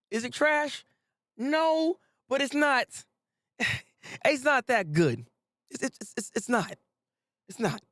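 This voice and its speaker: In a dry recording, a man with a high-sitting voice hosts a casual anime commentary. He rants animatedly, repeats phrases, laughs often, and swears casually.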